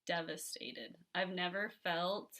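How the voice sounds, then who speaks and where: A woman from telling a painful personal story as a podcast guest, candid and halting, with many fillers and restarts. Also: lowish voice, sharp tone.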